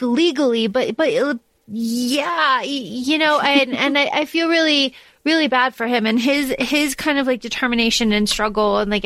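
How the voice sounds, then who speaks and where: A woman's voice: fairly high pitch, fairly bright tone, dry recording. Chatty woman on a dry podcast mic. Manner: rambling, many restarts and fillers. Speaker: podcast co-host. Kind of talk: casual chat.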